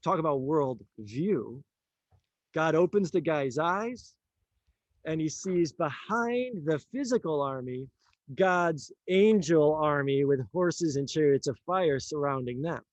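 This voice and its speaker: A man telling a story in a casual conversation, animated, acting out the lines of the people in it and laughing often. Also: fairly high pitch, slow pace, dry recording, highs cut off. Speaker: author and teacher.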